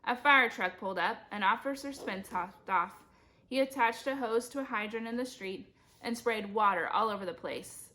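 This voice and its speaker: Woman reader, bright and fairly high voice, lively read-aloud of a kids' chapter book. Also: normal speed. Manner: lively, shouts characters' lines in high voices.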